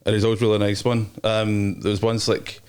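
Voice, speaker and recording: Fast-talking Scottish man, low voice. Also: little pitch movement, a little mellow, clean tone. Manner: rambling anecdotes, slangy, laughs often. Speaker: DJ and promoter, interview guest. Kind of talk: casual interview chat.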